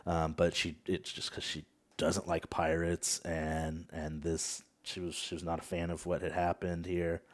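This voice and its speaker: A man's voice: deep voice, completely flat delivery, a little slow. A man chatting casually on a podcast in an easygoing way, hesitating often with ums and uhs. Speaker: podcast co-host.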